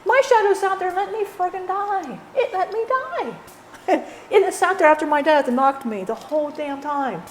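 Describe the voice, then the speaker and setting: A blunt, rough-spoken spirit of a dead man, channeled by a woman, rambling through a channeling session. He swears freely and keeps tossing in "you know". The voice sits a little on the high side. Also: expressive, normal speed, slight background noise.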